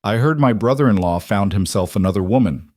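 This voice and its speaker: A man's voice: on the low side, lively intonation, a little fast, darkish tone, no room sound, studio quality, close to an everyday voice. A man playing a smug, wealthy middle-aged bully who talks bluntly and sneers. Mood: sneering. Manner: blunt, sneering, falsely sympathetic.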